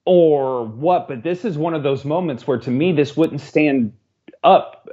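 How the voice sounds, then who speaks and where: High lively guy, swearing, bit of a dull muffled mic. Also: measured pace. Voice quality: animated, profane. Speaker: podcast co-host. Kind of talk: casual movie review chat.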